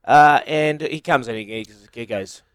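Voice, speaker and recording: A man's voice: mid-range voice, unhurried, clear, resonant tone, no echo, studio quality. A man with a New Zealand accent, co-hosting a radio show in casual banter and acting out stories with quoted voices. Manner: animated storytelling, acts out quotes. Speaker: radio co-host.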